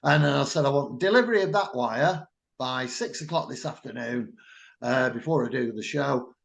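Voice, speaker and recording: A man with a Mancunian accent, co-hosting a chat show and telling a story loudly and bluntly. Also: medium pitch, moderate pace, vocal fry. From Manchester, England. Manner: animated storytelling, loud and blunt. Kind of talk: casual chat.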